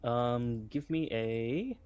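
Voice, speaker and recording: A man acting as game master, describing scenes and calling for checks in a relaxed, casual way. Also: medium pitch, drawn-out words, clean tone. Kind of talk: narrating a tabletop game.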